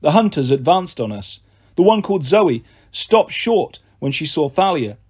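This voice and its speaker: Expressive man reading a story aloud. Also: on the high side, normal speed, breathy edge. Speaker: narrator. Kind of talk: audiobook narration.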